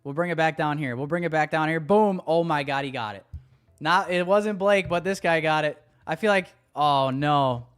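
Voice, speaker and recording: A man's voice: fairly high pitch, normal speed, a bit bright, clear, resonant tone. A man hosting a live trading stream, chatting casually with viewers, loose and hyped, swearing now and then.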